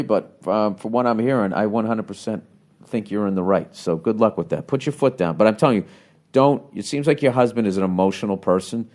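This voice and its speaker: A man's voice: lowish voice, a little fast, darkish tone. A middle-aged man hosting a podcast, bluntly giving casual advice on a listener's letter with lots of swearing and rambling asides. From United States.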